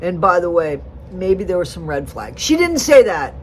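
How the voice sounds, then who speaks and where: A gossip vlogger commenting casually on a reality show, blunt and rambling, jumping between loud outbursts and muttered asides. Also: mid-range voice, sing-song, moderate pace, slight background noise.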